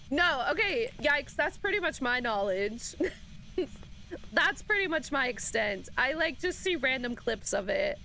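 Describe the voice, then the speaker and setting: High-voiced, unhurried young woman streamer. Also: sharp tone, a little hiss or hum. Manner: chatty, rambling storyteller who laughs often; greets viewers in an upbeat hype voice. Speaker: live streamer. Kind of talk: casual live-stream chat.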